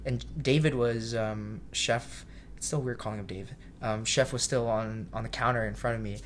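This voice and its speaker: A cook telling a kitchen story. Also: male voice, medium pitch, normal speed, a little hiss or hum. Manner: animated storyteller, acts out quotes loudly; self-described shy. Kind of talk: casual storytelling interview.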